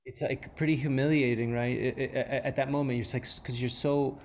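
An older man talking haltingly in an interview, repeating words, close to tears as he speaks. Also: mid-range voice, fairly even intonation, darkish tone. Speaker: interview guest, musician. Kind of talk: emotional conversational interview.

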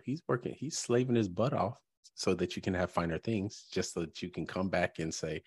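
Deep-voiced man hosting a podcast. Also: moderate pace, no room sound. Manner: relaxed, rambling with fillers. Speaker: podcast host. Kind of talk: casual reaction commentary.

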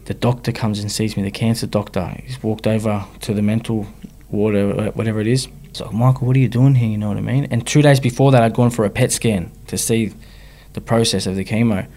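A Sydney rapper tells his personal story frankly as an interview guest, his low, dark voice moving a little fast with fairly even intonation. His speech is slangy, and he keeps checking in with the listener, often tacking on "you know what I mean."

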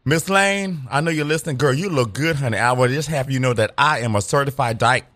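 A man's voice: mid-range voice, brisk, a bit bright. A man co-hosting a radio talk show, sassy and teasing in casual banter. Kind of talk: casual chat.

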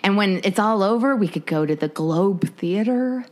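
A woman's voice: mid-range voice, moderate pace. Chatty woman cohost, giggles a lot, voice bounces all over the place. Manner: giggly, rambling, lively. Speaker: podcast co-host. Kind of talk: casual chat.

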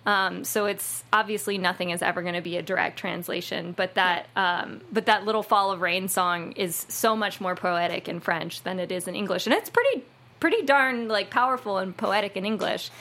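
A chatty American woman with a bright, clear tone, co-hosting a podcast. She talks eagerly and loosely, circling back on her thoughts with plenty of "like" and "um". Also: medium pitch, normal speed. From United States. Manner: chatty, enthusiastic, many fillers and restarts. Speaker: podcast co-host. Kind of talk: casual chat.

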